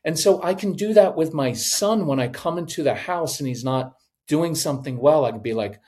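A man in his fifties giving casual parenting advice on a podcast, animated and acting out quoted voices. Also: on the high side, moderate pace. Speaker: podcast guest, parenting coach.

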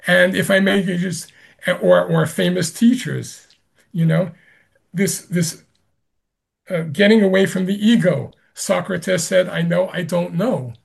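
A man, a Zen master, answering an interview question with slow, gentle storytelling and soft laughs. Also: sits high, steady tone, creaky, husky.

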